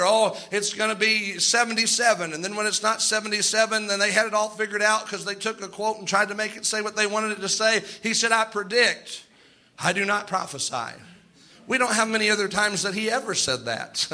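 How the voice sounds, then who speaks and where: A man's voice: high-pitched, fairly quick, hardly any pauses, sharp tone. A male pastor preaching a sermon to his church in an emphatic, conversational way, with asides and restarts.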